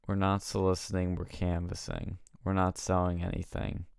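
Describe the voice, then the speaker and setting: Male co-host, lowish smooth voice, dry close sound, animated storyteller. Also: normal speed, no room sound. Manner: animated storytelling, laughing, mimicking people. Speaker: podcast co-host. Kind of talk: casual chat.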